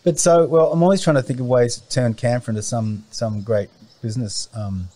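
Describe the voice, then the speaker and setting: A man's voice: mid-range voice, fairly even intonation, brisk, dark tone, dry recording. A man as an interview guest, talking casually and rambling with many fillers and restarts. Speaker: interview guest, farm owner. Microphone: remote call mic, cutting in and out.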